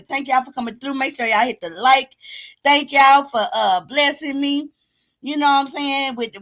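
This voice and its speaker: Speaking straight to her live-stream audience, a high-pitched woman runs her own broadcast. Her delivery is loud and preachy, full of exclamations, whoops and curses.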